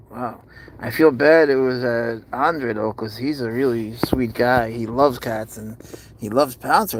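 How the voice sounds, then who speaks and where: A man streaming live from inside a car, doting on his pet cat and often slipping into high baby talk. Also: moderate pace, a little hiss or hum. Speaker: pet owner vlogger. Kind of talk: casual live-stream chat.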